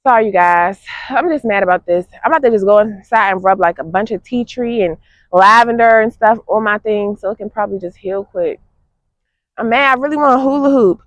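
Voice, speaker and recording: A young woman, chatting casually to her viewers in an animated way, laughing often. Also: medium pitch, brisk, dry recording, muffled recording. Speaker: fitness vlogger. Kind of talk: casual vlog chat to viewers.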